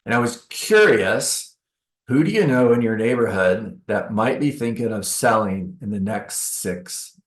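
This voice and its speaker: A man's voice: mid-range voice, echoey room. A man coaching a live audience in a seminar, acting out sales calls with sarcastic asides. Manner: animated, acts out sales calls. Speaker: real estate coach. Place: training room with an audience.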